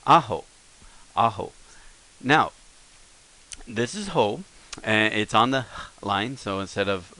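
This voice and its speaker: A man's voice: fairly low pitch, sharp tone, low-quality recording. A man teaching a casual recorded lesson, explaining in a rambling way with many fillers and self-corrections.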